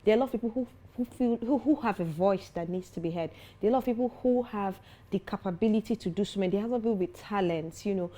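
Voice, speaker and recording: A woman's voice: mid-range voice, fast, few pauses. A young adult woman, a foundation founder, talking earnestly and confidently as an interview guest. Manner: earnest, confident, animated when telling stories. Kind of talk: interview conversation.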